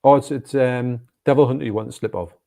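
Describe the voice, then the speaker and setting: Man, casual film chat co-host, enthusiastic, laughs a lot, gravelly. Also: medium pitch, fairly even intonation, fast talker, mellow. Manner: enthusiastic, laughs often, restarts sentences.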